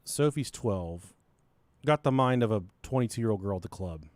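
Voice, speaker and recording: Animated young man telling stories. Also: on the low side, normal speed, no echo. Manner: animated storyteller, acts out voices, swears, laughs often. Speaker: podcast co-host. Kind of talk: casual chat.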